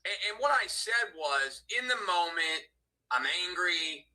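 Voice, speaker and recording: High, bright-voiced man ranting on a livestream. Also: animated, measured pace, rough recording. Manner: aggrieved, profane, ranting. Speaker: livestream host. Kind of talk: heated casual livestream rant.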